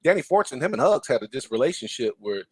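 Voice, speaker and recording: A husky, medium-pitched man talks fast, with no echo on the recording. He's a guest on a podcast, a former player and broadcaster, chatting casually through basketball stories and acting out everyone's lines with animation.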